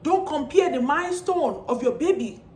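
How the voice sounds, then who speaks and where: A woman with a high voice lectures parents straight to camera, firing the same pointed rhetorical questions again and again. The sound is roomy, with her voice echoing off bare walls. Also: expressive, normal speed, a little mellow. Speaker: parenting vlogger. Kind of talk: preachy monologue to parents. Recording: echoey room.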